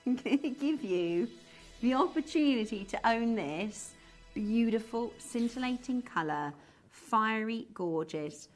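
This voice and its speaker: A woman presenting live on a shopping channel, chatty and enthusiastic as she banters with colleagues off camera. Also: a little high. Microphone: studio mic.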